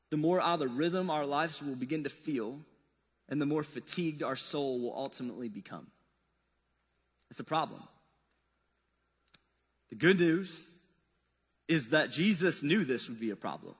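Casting note: man with a high voice, relaxed conversational sermon style, recorded in a hall with long echo. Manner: casual, conversational preaching with wide swings in pitch and loudness. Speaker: preacher. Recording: long reverb of a large hall.

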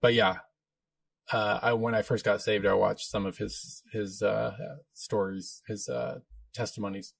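A man's voice: fairly low pitch, steady tone, a little slow, gravelly, husky, dry recording. A man hosting a casual livestream, answering viewer questions in a rambling, easygoing way. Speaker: livestream host and minister.

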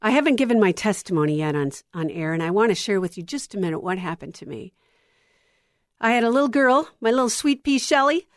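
A middle-aged woman hosting a Christian radio show, sharing her testimony in an earnest, intimate way that drops to a hush on tender lines. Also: mid-range voice, expressive, brisk, dry recording, clean studio sound. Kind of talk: heartfelt on-air testimony.

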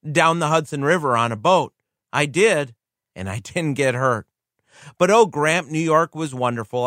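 A man's voice: mid-range voice, pushed and bright, no room sound, clean studio sound. A man voicing an earnest, eager blind little girl who dictates a heartfelt letter to her grandfather.

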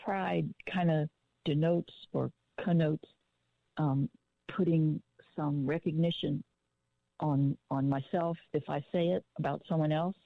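A caller phoning in to a radio show, chatting casually and thoughtfully with the host. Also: female voice, sits low, fairly even intonation, measured pace, creaky, no room sound. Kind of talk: casual call-in chat. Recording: phone line.

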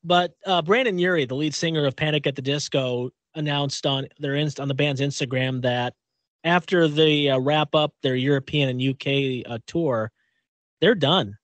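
A man's voice: on the high side, moderate pace, no echo. A middle-aged man co-hosting a casual radio show chat, rambling and restarting as he acts out little quotes. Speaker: co-host.

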